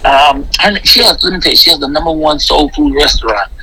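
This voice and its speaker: A middle-aged man, a comedian and interview guest, giving an exuberant, preachy testimony in quick bursts. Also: on the high side, pushed and bright, slight background noise, low-quality recording.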